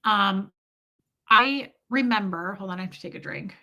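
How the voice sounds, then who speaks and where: A woman chats candidly to her live viewers in a loose, rambling storytelling style. Her voice is bright and forward. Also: medium pitch, moderate pace. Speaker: livestream host. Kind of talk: casual storytelling to live chat.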